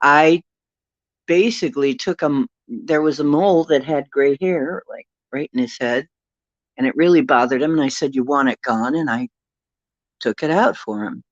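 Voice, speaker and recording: A woman's voice: deep voice, normal speed, dry recording, highs cut off. A middle-aged woman telling a rambling personal story to a live chat, stopping now and then to greet viewers. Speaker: paranormal livestream host.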